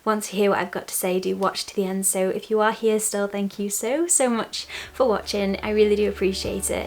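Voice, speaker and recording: A young woman vlogging from her bedroom at home, chatting candidly to camera and laughing softly between thoughts. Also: medium pitch, vocal fry. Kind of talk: casual chat to camera.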